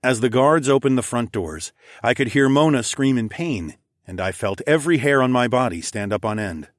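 A man narrating a fantasy novel in the first person, in a measured, steady storytelling manner. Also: medium pitch, dry recording, studio quality. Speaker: audiobook narrator.

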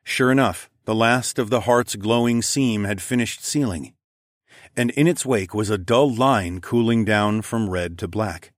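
A man narrating first-person fiction in a steady, measured storytelling way. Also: fairly low pitch, no echo, studio quality. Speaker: audiobook narrator.

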